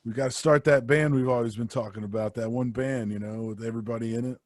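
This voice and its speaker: A man's voice: medium pitch, steady tone, fast, a little mellow. A young man in easy podcast banter who jokes around and breaks into sung snippets. The sound is dry and close, with no room echo. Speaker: podcast co-host. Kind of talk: casual chat.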